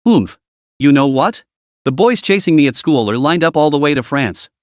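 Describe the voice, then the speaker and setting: A man's voice: on the high side, animated, moderate pace, no echo, clean studio sound, lightly acted. A man reading a proud, teasing young woman.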